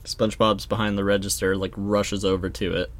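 A man's voice: on the low side, level tone, brisk. A man co-hosting a podcast in casual chat, laid-back and laughing often, with some swearing. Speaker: podcast co-host.

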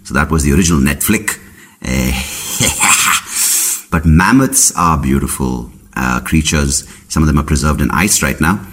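A man's voice: extremely low pitch, measured pace, fairly bright tone, slightly rough. A man hosting a podcast, rambling through a comedic monologue full of puns and tangents. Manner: rambling, punning, jumps into silly voices. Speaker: podcast host.

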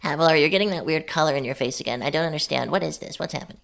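Low-voiced woman rambling in character. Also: rapid-fire, creaky. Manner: rambling, filler-heavy talk. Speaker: player. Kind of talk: playing a character at a tabletop game.

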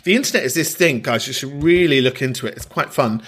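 A man's voice: mid-range voice, animated, fast, a bit bright, husky. A man from the UK hosting a podcast in casual comic chat, camp and sweary, often breaking into laughter mid-sentence. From United Kingdom. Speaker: podcast host.

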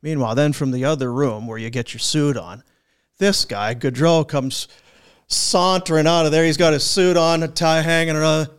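A man's voice: on the high side, normal speed, clear, resonant tone. A man hosting a sports podcast, telling locker-room stories in casual chat and acting out the quotes. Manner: chatty anecdotes, acts out quotes. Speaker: podcast host.

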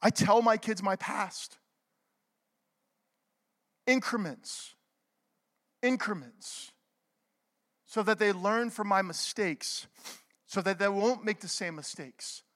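A middle-aged man preaches from the pulpit in a strikingly high voice, and long reverb from a large church hall trails every phrase. He swings between loud, urgent exhortation and near-whispered confession, stopping to ask the congregation for an amen. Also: slow, long pauses. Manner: calls for amens from the congregation. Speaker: pastor. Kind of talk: sermon.

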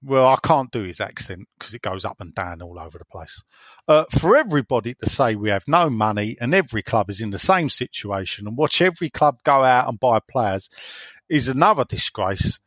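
A man's voice: mid-range voice, expressive, brisk, a bit bright, dry recording, studio quality. A man hosting a casual football podcast, chatting in a rambling, opinionated way and reading out listener messages.

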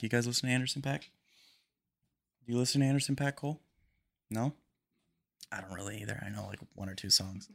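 A young man hosting a casual solo podcast, rambling quickly and a little nervous. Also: lowish voice, creaky, a bit bright. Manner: rambling, fast-talking and a bit nervous. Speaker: podcast host.

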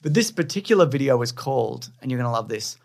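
A man's voice: medium pitch, animated, fast talker, gravelly. A man co-hosting a podcast in casual chat, rambling and teasing as he recommends things with enthusiasm. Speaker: podcast co-host.

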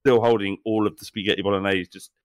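A man's voice: fairly low pitch, steady tone, quick pace, no echo, studio quality. A man co-hosting a comedy podcast, playfully spinning absurd stories in casual chat. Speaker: podcast co-host.

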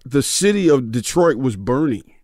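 A man's voice: medium pitch, normal speed, no room sound, studio quality. A man, a comedian guest, telling stories casually in an interview and acting out the people he quotes. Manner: animated storyteller, acts out voices in quotes. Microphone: studio mic, dry garage room.

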